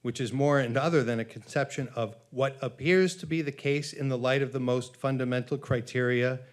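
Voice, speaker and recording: Halting male academic lecturer. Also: medium pitch, fairly even intonation. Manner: measured, halting, with frequent fillers and self-corrections; reads long quotations aloud. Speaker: conference speaker. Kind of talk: academic lecture reading a paper.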